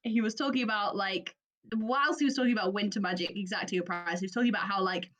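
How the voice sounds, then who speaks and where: A woman from England co-hosting a podcast, telling an animated story with plenty of laughter and quoted voices. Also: medium pitch, quick pace. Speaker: podcast co-host. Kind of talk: casual chat, storytelling.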